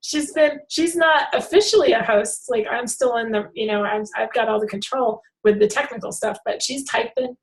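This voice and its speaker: A woman talks to a group on a video call, her pitch set a touch high. She rambles and restarts, full of filler words, but keeps an animated, friendly flow. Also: normal speed, hardly any pauses, poor audio. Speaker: hangout organizer.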